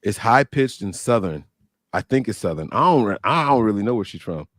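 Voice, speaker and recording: Man co-host, lowish voice, dry close mic, casual banter. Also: lively intonation, brisk, fairly bright tone, dry recording. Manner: loose, joking, slangy. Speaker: podcast co-host. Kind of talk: casual livestream chat.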